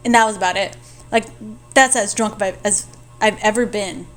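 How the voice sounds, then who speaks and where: A woman's voice: medium pitch, moderate pace, a bit bright, soft background music. A young woman co-hosting a podcast, telling a story in casual chat, laughing and swearing freely. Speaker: podcast co-host.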